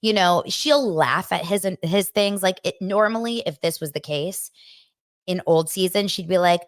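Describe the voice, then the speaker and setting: A woman hosting a podcast, chatting in a gossipy, animated way as she recaps a reality show. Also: lowish voice, unhurried, no room sound, clean studio sound. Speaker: podcast host.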